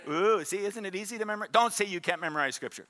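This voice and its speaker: A man, preaching a sermon in an animated, joking storytelling way and drawing in the congregation. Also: sits high, rapid-fire. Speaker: pastor.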